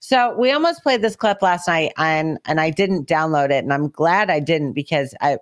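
Woman with a Queens accent, sarcastic co-host, lowish and lively voice. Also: moderate pace. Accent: Queens, New York. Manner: sarcastic, teasing banter with a co-host. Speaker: podcast co-host. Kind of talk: casual chat.

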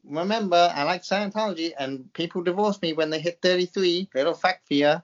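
A man's voice: high-pitched, a little fast, natural voice. A man doing an impression of a smug middle-aged male American movie star, in a drawling American accent with boastful catchphrases. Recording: slightly dull podcast audio.

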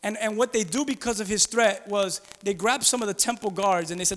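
A man preaching in a very high, bright voice, with a long reverb ringing off a large hall around him. He is animated and conversational, asking rhetorical questions and acting out the people he quotes. The delivery stays lively and direct. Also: quick pace, few pauses. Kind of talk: conversational sermon.

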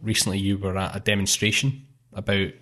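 A man interviewing a politician in casual chat, with quick joking asides. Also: low voice, flat delivery, sharp tone.

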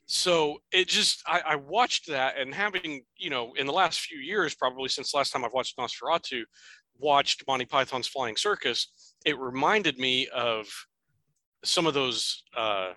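A man co-hosting a podcast talks casually about an old film, rambling thoughtfully with fillers and restarts. His medium-pitched voice is bright and forceful and a little slow. The recording is rough but has no echo.

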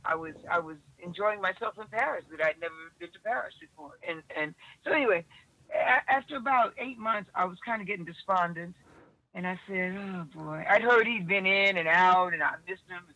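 A woman telling a story in an interview, animated, often restarting her sentences. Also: medium pitch, a little fast, no room sound, lo-fi sound. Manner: animated, with many restarts and acted-out quotes. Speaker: interview guest.

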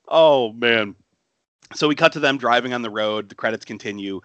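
A man's voice: mid-range voice, moderate pace, fairly bright tone, no room sound, muffled recording. A man hosting a podcast who retells a film in casual chat, laughing often and swearing freely. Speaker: podcast host.

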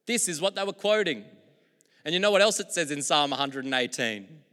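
Animated male preacher in a reverberant hall. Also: fairly high pitch, a little fast. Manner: animated preaching, swinging from loud proclamations to quiet asides. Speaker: pastor. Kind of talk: sermon.

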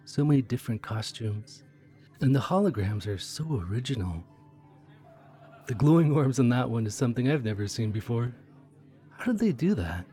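An actor playing a friendly, chatty train conductor in an audio drama role-play, curious and easily excited. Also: male voice, medium pitch, moderate pace, pauses often, faint music behind, close to an everyday voice.

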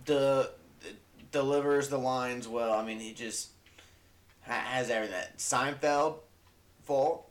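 A man co-hosting a podcast in relaxed casual chat, laughing easily and thinking aloud. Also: medium pitch, a little slow. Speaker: podcast co-host.

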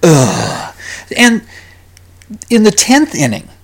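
A man's voice: high voice, huge pitch swings, slow pace. A man hosting a solo podcast, rambling and ranting with frequent restarts, sighs and exasperated groans. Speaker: podcast host.

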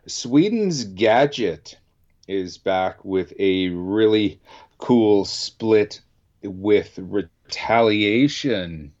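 A man's voice: lowish voice, animated, very slow, a little mellow. A Canadian man hosting a radio show, chatting casually and rambling with many restarts. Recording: dull lo-fi sound.

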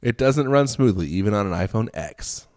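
A man's voice: fairly low pitch, expressive, moderate pace, darkish tone, no room sound, clean studio sound. A man co-hosting a casual podcast, playful and laughing as he reads listener reviews aloud. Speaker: podcast co-host. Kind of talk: casual chat.

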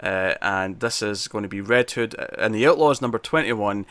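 A man of middle pitch with a bright, forceful tone hosts a podcast. He chats casually, introduces segments, and now and then slows into hesitant fillers. The sound is dry and close. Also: dry recording. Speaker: podcast host.

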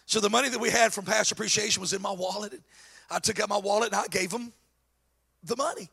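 A man preaching a sermon as pastor, with loud, sing-song emphasis and a husky edge. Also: high voice, fairly even intonation, fast.

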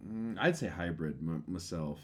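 A man co-hosting a boozy chat show, a little tipsy. His voice sits fairly low yet swings widely in pitch. He talks in an emphatic, profane way and gets excitable fast. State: tipsy from drinking. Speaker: podcast co-host. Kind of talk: casual drinking-show banter.

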